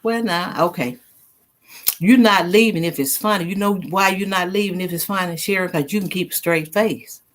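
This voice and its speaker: A woman's voice: on the low side, moderate pace. A middle-aged woman hosting a casual livestream, chatting with viewers and reading their comments. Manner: chatty, laughs easily, reads comments aloud. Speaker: livestream host. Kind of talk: casual live chat with viewers.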